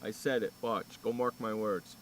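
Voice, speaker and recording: A man's voice: on the low side, fairly even intonation, normal speed, fairly bright tone, a little hiss or hum. A man hosting a sports radio show, talking brashly and boastfully in casual banter.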